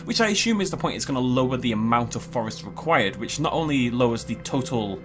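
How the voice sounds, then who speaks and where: A man giving chatty, excitable gameplay commentary and thinking aloud as he plays. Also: medium pitch, quick pace, music in the background. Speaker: gaming YouTuber.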